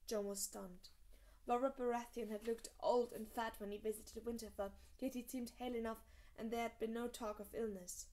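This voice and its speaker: A woman reading a fantasy novel aloud as an audiobook narrator, steady and measured. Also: mid-range voice. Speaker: audiobook reader.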